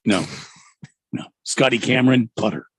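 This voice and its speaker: A man's voice: mid-range voice, animated, moderate pace, breathy edge, no room sound. A man in his sixties co-hosting sports talk radio, folksy and grumbling, with many fillers. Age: 60s. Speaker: radio co-host.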